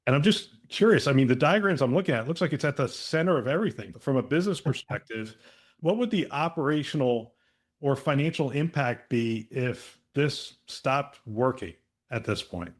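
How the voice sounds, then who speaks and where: A male podcast host chatting casually with his guests, thinking aloud as he goes. His voice sits at a middle pitch, relaxed and conversational, with plenty of small asides. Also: normal speed. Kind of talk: casual interview chat.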